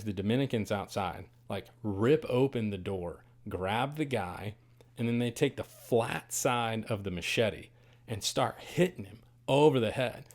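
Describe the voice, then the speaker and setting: Guy with a lowish voice telling a wild travel story on his podcast, animated, gets loud and dramatic. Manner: animated, dramatic, swings to loud bursts on quoted lines. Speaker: podcast host. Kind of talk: casual first-person storytelling.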